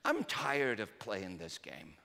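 A man's voice: huge pitch swings, slow, creaky, pushed and bright, full character voice. A man voicing an eager four-year-old girl who stammers as she begs her father to play. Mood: pleading. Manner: eager, stammering, high childish voice. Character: excited little girl, about four, pleading to play. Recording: reverberant hall.

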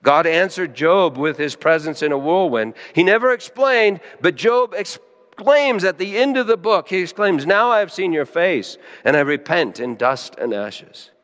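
A man preaching a sermon, dropping to hushed, quiet lines and then rising sharply into loud, high emphasis. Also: animated, a little slow, in a large hall. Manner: emotional, swings between soft hushed lines and sudden loud high emphasis. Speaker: pastor.

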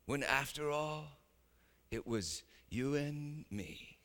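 A man preaching a sermon dramatically, swinging from hushed lines to shouting. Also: medium pitch, takes it slowly, pauses often. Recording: reverberant hall.

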